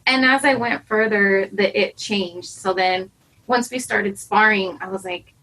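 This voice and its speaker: Anxious, husky woman talking candidly. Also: medium pitch, sharp tone, rough recording. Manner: anxious, self-doubting, fast rambling with many fillers. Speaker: podcast guest. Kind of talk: candid conversational interview.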